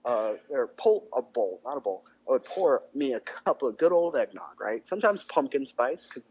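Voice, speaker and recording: Lively joking man on a muffled call. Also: mid-range voice, moderate pace, husky. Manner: jokey, lively storytelling. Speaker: podcast co-host. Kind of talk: casual chat. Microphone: Skype call. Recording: muffled Skype call audio.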